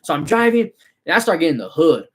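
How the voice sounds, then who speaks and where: In his twenties and from the San Francisco Bay Area, this man runs a car detailing business and chats on a casual livestream with loose, slangy, animated street talk. His voice sits on the high side, moves at a quick pace, and sounds slightly rough.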